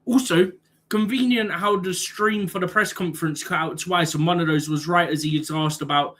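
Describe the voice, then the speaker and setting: A man's voice: sits high, steady tone, moderate pace, fairly bright tone. A young man co-hosting a football live stream in casual chat, arguing his points emphatically with rhetorical questions.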